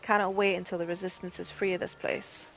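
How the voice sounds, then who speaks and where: A woman's voice: fairly low pitch, little pitch movement, brisk, creaky, soft background music, rough recording. A Northern English woman voicing a proud, angry male resistance captain, reading his lines with bitter force.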